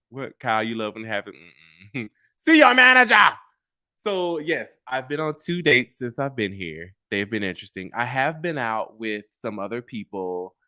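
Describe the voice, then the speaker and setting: A man hosting a vlog, telling stories in a sassy, animated way straight to his viewers and laughing at his own tales. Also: on the low side, moderate pace, no room sound, studio quality. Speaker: vlog host. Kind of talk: casual storytelling monologue.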